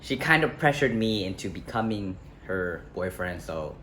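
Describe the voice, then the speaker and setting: A young man tells a personal story in a loose, casual vlog style. His voice sits on the low side, and he rambles, backtracks and leans on fillers. Faint outdoor ambience hums behind him. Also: animated, normal speed, fairly bright tone. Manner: rambling, self-correcting, many fillers and "like". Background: faint street ambience, passing traffic.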